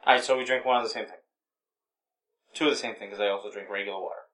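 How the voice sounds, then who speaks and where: A man's voice: fairly low pitch, fairly even intonation, racing, a bit bright. A man co-hosting a podcast, laid-back and teasing, reading out news items in casual chat. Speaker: podcast co-host.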